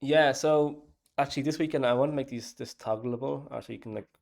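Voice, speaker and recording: A man's voice: mid-range voice, fairly quick, gravelly, darkish tone. A man, casually talking through his app's design and thinking aloud with lots of fillers. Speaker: app developer. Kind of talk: casual dev log talk.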